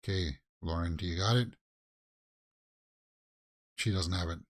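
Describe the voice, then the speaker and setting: A man with a low, unhurried voice hosts a watch-along reaction video. His casual commentary swings into exasperated rants full of repeated questions.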